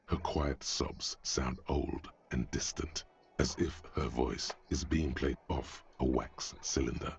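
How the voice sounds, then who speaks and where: Gravelly brooding narrator. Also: male voice, very deep voice, slow pace, exaggerated voice. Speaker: game narrator. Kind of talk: scripted game narration.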